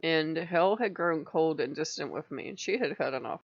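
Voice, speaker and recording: A woman's voice: low voice, expressive, normal speed, dry recording, dull audio. Rambling woman recounting visions. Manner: rambling, laughing often. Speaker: spiritual vlogger. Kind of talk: casual storytelling vlog.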